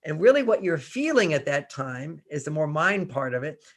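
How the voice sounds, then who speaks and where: A man's voice: fairly high pitch, sing-song, normal speed, fairly bright tone. A man in his sixties from Texas, speaking as a guest author in an interview, emphatic and acting out quoted voices. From Texas, USA. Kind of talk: interview talk.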